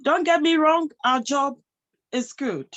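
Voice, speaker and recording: A woman's voice: high voice, slow, fairly bright tone, muffled recording. A woman giving a motivational talk to an audience, emphatic, posing rhetorical questions and answering them herself. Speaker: motivational speaker and health professional.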